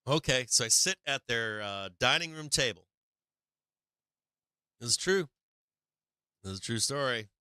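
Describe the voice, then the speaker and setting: A man's voice: mid-range voice, lively intonation, unhurried, long pauses, bright, forceful tone, smooth, dry recording, poor audio. A man hosting a live stream, telling a rambling personal story with plenty of swearing and repetition. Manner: rambling, repeats himself, swears freely. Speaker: host of a live stock market show.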